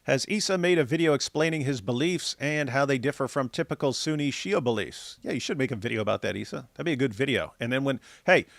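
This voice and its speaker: A man's voice: medium pitch, expressive, quick pace, gravelly, few pauses, no echo. A man hosting a casual stream, teasing his guest and reading out viewer comments with frequent laughs. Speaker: stream host.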